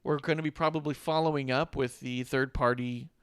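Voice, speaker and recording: A man's voice: mid-range voice, fairly even intonation, brisk, clean tone, dry recording, clean studio sound. A man co-hosting a casual wrestling talk show, ranting with sarcasm and swearing freely. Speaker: podcast co-host.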